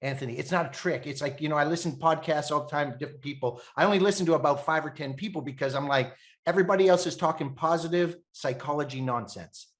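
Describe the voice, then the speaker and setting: Excitable storytelling man in his fifties. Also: fairly high pitch. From Canada. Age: 50s. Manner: fast, excitable, laughs often, acts out quoted voices. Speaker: podcast guest. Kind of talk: animated storytelling.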